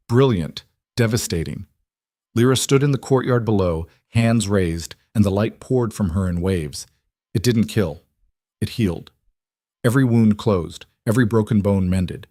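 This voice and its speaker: A man narrating a dark fantasy story in measured, clipped dramatic phrases. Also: fairly low pitch, dry recording, clean studio sound. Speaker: audiobook narrator.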